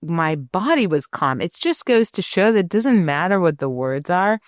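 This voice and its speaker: A woman's voice: on the low side, moderate pace, dry recording, studio quality. A middle-aged woman co-hosting a parenting talk show, speaking reflectively and telling family stories in a conversational way. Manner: reflective, tells stories with animated quoted voices. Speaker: podcast co-host.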